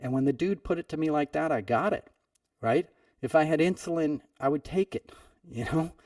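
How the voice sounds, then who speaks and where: A man's voice: a little high, normal speed, a little mellow, dry recording. Guy telling a story on his podcast, lots of "you know", kinda far off the mic, dry sound. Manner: conversational, heavy "you know" fillers. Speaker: podcast host. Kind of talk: storytelling monologue.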